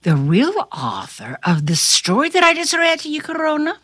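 A woman reading a storybook aloud and talking straight to her listeners, with a highly expressive, dramatic delivery. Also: slow pace, dry recording, clean studio sound.

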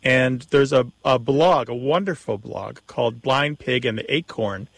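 A man's voice: medium pitch, a little slow, vocal fry, a bit bright, no room sound. A man co-hosting a call-in radio show, explaining word usage in a knowledgeable way with some restarts. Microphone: studio mic.

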